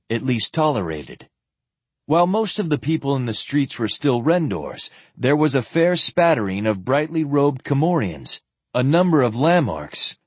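Man, audiobook narrator, husky voice, close dry recording. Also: mid-range voice, dry recording. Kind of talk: audiobook narration of fantasy novel.

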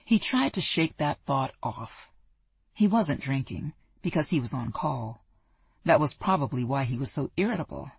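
An audiobook narrator tells a romance story in an even, storytelling manner. The voice is soft and husky at a middle pitch. The recording is dry and close. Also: no echo. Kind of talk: scripted narration.

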